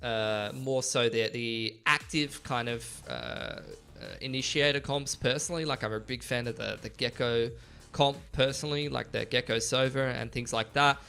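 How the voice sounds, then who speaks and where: A man's voice: medium pitch, fairly even intonation, normal speed, vocal fry, pushed and bright. A man casting esports, giving pre-match commentary in a rambling style full of fillers. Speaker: esports caster.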